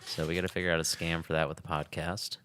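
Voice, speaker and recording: A man's voice: deep voice, little pitch movement, fast talker, fairly bright tone, no room sound. A young adult man co-hosting a podcast, chatting casually with a dry joking manner and reading a sponsor spot offhandedly. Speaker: podcast co-host. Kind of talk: casual chat.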